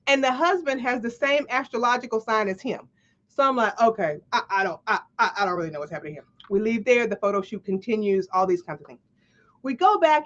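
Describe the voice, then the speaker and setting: A woman, a life coach, telling a story to a live audience with much animation, acting out the dialogue and laughing often. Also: fairly high pitch. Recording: dull lo-fi stream audio.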